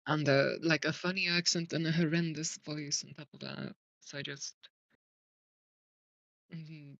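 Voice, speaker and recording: A man's voice: on the high side, level tone, a little slow, gravelly, fairly bright tone, dry recording, muffled recording. A man with a Swedish accent chatting casually, hesitant and full of fillers, a little self-deprecating. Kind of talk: casual chat.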